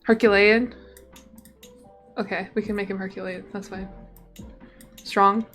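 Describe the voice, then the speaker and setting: A woman's voice: mid-range voice, level tone, a little slow, a bit bright. Woman streamer, casual game commentary, playful chatter, home desk mic, faint music behind. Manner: chatty, playful, reads game text aloud. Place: home room.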